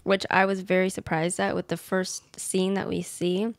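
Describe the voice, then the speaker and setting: A woman's voice: fairly low pitch, little pitch movement, moderate pace, no echo. A woman co-hosting a casual movie review chat, explaining and correcting in a matter-of-fact way. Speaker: podcast co-host.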